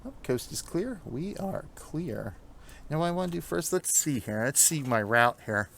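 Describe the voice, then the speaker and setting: A man's voice: fairly high pitch, big pitch swings, moderate pace, vocal fry, a bit bright, slight background noise. An American man with a Northeastern accent chatting with viewers while he plays, rambling and laughing often. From United States. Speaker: streamer. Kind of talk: gameplay commentary chatting with viewers.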